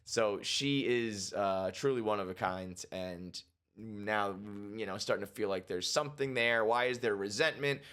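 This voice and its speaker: A man giving a casual reaction and breakdown of a TV episode, animated and swearing freely, acting out characters' lines in quick voices. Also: on the low side, clear, resonant tone. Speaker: TV show reviewer.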